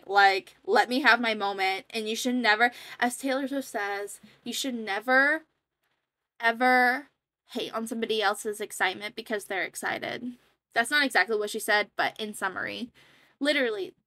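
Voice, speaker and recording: A woman's voice: a little high, pushed and bright, no echo. A young woman casually rambling as she comments over her own gameplay footage, chatty and self-deprecating. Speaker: gaming YouTuber.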